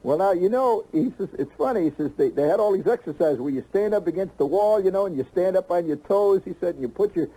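A man's voice: high-pitched, lively intonation, fast talker, few pauses, warm tone, husky, poor audio. A man telling a long comic story on stage, rambling with lots of "you know" and restarts.

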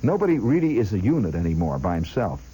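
A man with a low, husky voice tells a rambling personal story as a monologue. His pitch swoops up and down expressively, and he talks straight to the listener. He mimics clinks and other sounds with his voice as he goes. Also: big pitch swings, fast, warm tone, poor audio. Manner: chatty, addresses the listener directly.

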